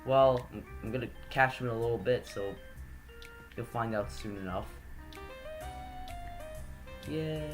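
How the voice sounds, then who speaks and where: Let's play host, rambling and joking, faint game music behind. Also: male voice, medium pitch, unhurried, long pauses. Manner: joking, rambling, self-correcting. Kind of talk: gameplay commentary.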